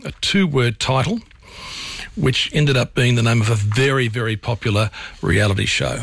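A man's voice: mid-range voice, normal speed, gravelly, fairly bright tone, slightly rough, no echo. An Australian man hosting late-night talkback radio, chatty and rambling as he thinks aloud. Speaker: radio host. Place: radio studio. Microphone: studio microphone.

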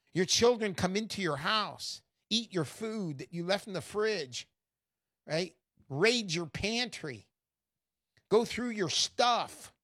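A woman giving an emphatic, mocking sales pitch, making her case with scorn and punchy asides. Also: a bit bright, no echo, studio quality. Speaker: gold investment promoter.

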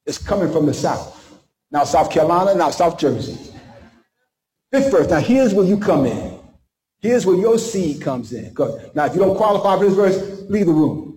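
High-voiced impassioned male preacher, echoey. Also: sing-song, warm tone. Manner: impassioned, preaching with dramatic pauses and acted-out quotes. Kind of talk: sermon.

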